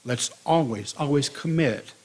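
A man's voice: medium pitch, a little slow, a little mellow, slightly rough. A man preaching a sermon as a pastor, telling a story with emphasis.

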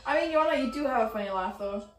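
A woman's voice: fairly high pitch, expressive, very fast. A woman streaming while she paints an office, chatting casually, giggling and swearing freely. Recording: roomy, voice far from the mic, faint music.

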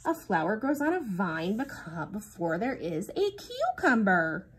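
A woman voicing a wise old male owl in a storybook read-aloud, speaking slowly and deliberately. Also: mid-range voice, wildly swooping pitch, slightly rough, full character voice. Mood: instructive.

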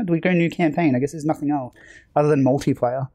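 A man's voice: a little high, fast talker, dark tone. A man streaming a video game live, rambling casually and joking at his own expense while chatting with viewers. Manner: rambling, self-mocking banter with chat.

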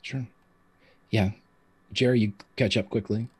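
Husky-voiced man running a tabletop game. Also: fairly low pitch, a little slow. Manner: descriptive, relaxed, with fillers. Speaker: game master.

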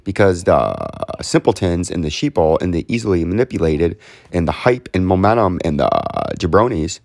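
A man's voice: low voice, expressive, a little fast, darkish tone. A man hosting casual chart commentary, rambling with jokes and repetitive riffs. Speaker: host.

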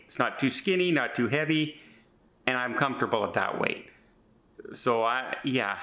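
A man in his fifties from Canada talks in a chatty, rambling vlog, restarting often and sounding earnest yet a little defensive. The vlogger's voice is mid-range with a sharp tone.

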